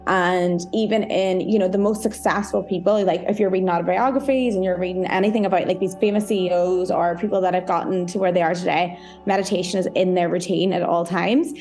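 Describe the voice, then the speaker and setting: A woman's voice: on the low side, fairly even intonation, a little fast, darkish tone, soft background music. Chatty, frank woman guest on a podcast. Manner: chatty, frank, many fillers like "like" and "you know". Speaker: podcast guest, meditation coach. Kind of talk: casual podcast interview.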